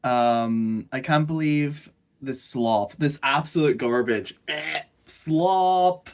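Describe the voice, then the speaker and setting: A man's voice: mid-range voice, takes it slowly. A man chatting casually on a live stream from his bedroom, self-mocking, jokey and rambling, speaking into a phone rather than a proper microphone. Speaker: streamer and animator. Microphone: phone, not a proper microphone.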